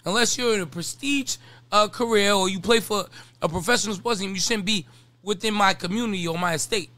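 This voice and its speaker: A boastful Brooklyn man talks in a high, bright, forceful voice. His banter is loose and profane, and he drops rhymes. The sound is close and dry. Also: a little fast, no room sound. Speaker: podcast host. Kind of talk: casual chat.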